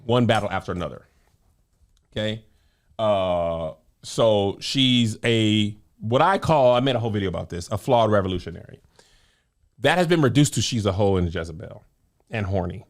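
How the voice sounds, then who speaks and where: A man co-hosting a podcast, retelling a film in a lively chatty way and acting out quotes. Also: on the low side, moderate pace. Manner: animated storyteller, acts out quotes. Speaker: podcast co-host. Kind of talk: casual chat.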